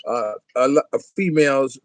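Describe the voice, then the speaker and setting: A man's voice: medium pitch, moderate pace, dry recording. A man hosting a music show, chatting casually between songs in a rambling way, full of fillers and little chuckles.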